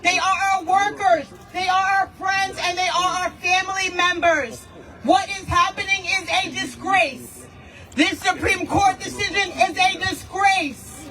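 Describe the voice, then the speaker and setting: An American woman city councilor giving an angry, forceful protest speech, repeating lines for emphasis. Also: extremely high pitch, measured pace, a loud crowd. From United States. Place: outdoor rally. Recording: distant mic with faint noise.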